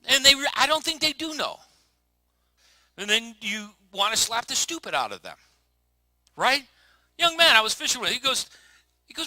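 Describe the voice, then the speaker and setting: A middle-aged man preaching a casual, joking sermon as pastor, swinging between low murmurs and loud outbursts. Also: very animated, moderate pace, pauses often, no room sound.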